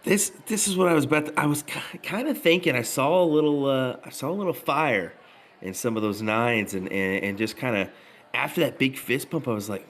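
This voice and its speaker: A man co-commentating a darts stream in a relaxed way, reading out viewer messages. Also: mid-range voice, a little fast. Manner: laid-back, reads viewer chat. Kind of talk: live sports commentary.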